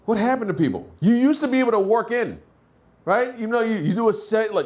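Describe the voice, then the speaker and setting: A man doing a stand-up comedy set, acting out characters in high shouted voices and dropping to low mutters between bits. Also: lively intonation, brisk.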